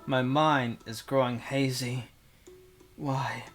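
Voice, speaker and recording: A man's voice: mid-range voice, steady tone, slow pace, a bit bright, faint music behind. A young man reading a visual novel aloud into a desk microphone, breaking off for rambling casual asides.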